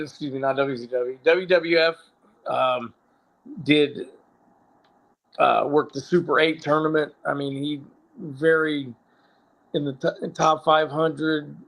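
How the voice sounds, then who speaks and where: Speaking in a fairly high, creaky voice with a fairly bright tone, this middle-aged man, once a professional wrestler, rambles through casual stories. Profanity and frequent self-corrections run through his telling.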